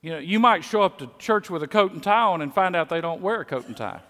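Southern pastor preaching in a hall. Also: male voice, sits high, expressive, quick pace, a bit bright. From Mississippi. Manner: conversational, repeats words when starting a sentence. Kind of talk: sermon. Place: church sanctuary. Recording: long echo of a large church hall.

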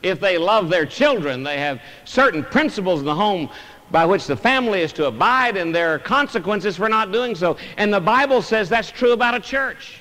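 High-voiced preaching man in a hall. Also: expressive, normal speed, sharp tone. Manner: earnest, emphatic preaching with rising and falling emphasis. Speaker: pastor. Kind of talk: sermon. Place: church sanctuary.

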